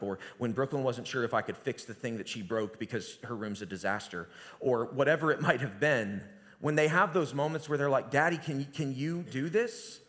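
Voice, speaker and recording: A man giving a sermon as pastor, telling the story conversationally and dropping to a hushed voice at times. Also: medium pitch. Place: church sanctuary. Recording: long reverb of a church hall.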